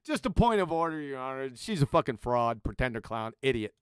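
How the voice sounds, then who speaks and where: A man's voice: mid-range voice, very animated, normal speed, smooth, no echo, studio quality. A man hosting a live stream, mocking a clip with profane, sarcastic commentary. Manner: ranting, insulting, sarcastic. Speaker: live stream host reacting to clips.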